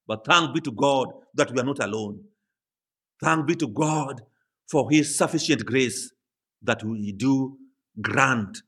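A man preaching a sermon with passion, stretching key words slowly and climbing to high emphatic peaks on the phrases he repeats. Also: fairly bright tone, husky.

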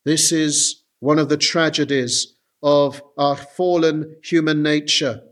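A man's voice: fairly high pitch, steady tone, takes it slowly, fairly bright tone. A man preaching an earnest sermon, often turning to his listeners with direct appeals.

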